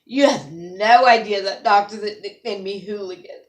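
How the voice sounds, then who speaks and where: A woman's voice: mid-range voice, normal speed. A woman ranting to camera in an angry, scolding, at times tearful vlog. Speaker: vlogger. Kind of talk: emotional rant to camera. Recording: roomy echo.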